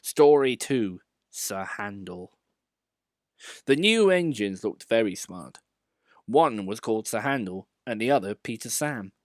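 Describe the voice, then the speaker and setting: A man narrating a children's story with a lively, swinging pitch and a middle-range voice. The recording is dry and close, with no room sound. He tells it with relish. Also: unhurried, no echo. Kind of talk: storybook reading.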